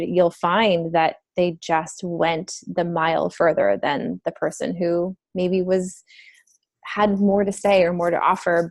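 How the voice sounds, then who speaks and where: A woman's voice: on the low side, a little mellow, dry recording. A woman hosting a podcast, speaking thoughtfully in long flowing sentences that sometimes sink almost to a whisper. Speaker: podcast host. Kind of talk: reflective conversational interview.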